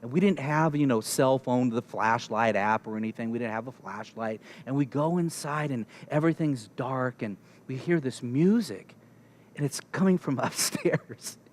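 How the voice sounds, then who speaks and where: A young adult man preaching a sermon, telling a story with lively energy and acting out the dialogue of the people in it. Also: mid-range voice, normal speed. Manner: animated, acts out characters and dialogue. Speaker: pastor.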